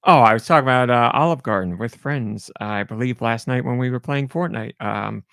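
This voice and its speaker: A middle-aged man chatting casually on his podcast, rambling and poking fun at himself. His mid-range voice has a gravelly fry at the ends of phrases. The sound is close and dry, with no room around it. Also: medium pitch, moderate pace, a bit bright, no echo. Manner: rambling, self-deprecating, chatty. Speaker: podcast host. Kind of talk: casual solo podcast chat.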